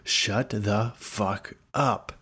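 A man's voice: fairly low pitch, fairly even intonation, pushed and bright, breathy edge, exaggerated voice. A man doing a surly old hunched soldier. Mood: menacing. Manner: grumbling, terse, slow.

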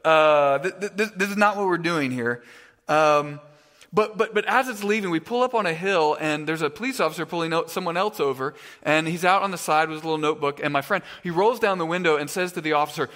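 Stammering, chatty pastor in a reverberant hall. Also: male voice, high-pitched, a little fast. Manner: conversational, stammering restarts, animated storytelling. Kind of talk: sermon. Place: church sanctuary.

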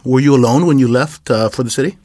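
A man's voice: mid-range voice, fast talker, dark tone, dry recording, clean studio sound. A man hosting a radio interview who asks short questions and gives brief encouraging responses.

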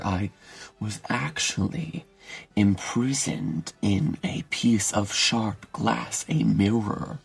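Man player, gravelly, husky, slow, wry, faint music. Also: lowish voice. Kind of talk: tabletop role-play.

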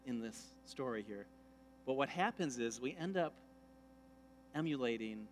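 A man's voice: mid-range voice, slight background noise. A man preaching a sermon in a church, conversational and jokey, acting out the voices of the people he quotes. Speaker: pastor. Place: church sanctuary.

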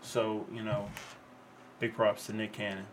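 A man's voice: fairly low pitch, measured pace. Earnest man giving his take, with faint hiss. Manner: earnest commentary, relaxed, loose. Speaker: podcast co-host. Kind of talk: casual chat, reading a news segment.

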